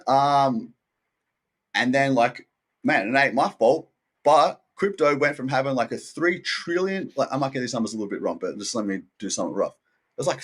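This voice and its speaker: A man's voice: medium pitch, breathy edge. A man being interviewed, rambling in a laid-back way, saying "dude" and "like" a lot and acting out what others said. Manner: acts out quoted people in his story. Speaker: interview guest. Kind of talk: casual interview chat.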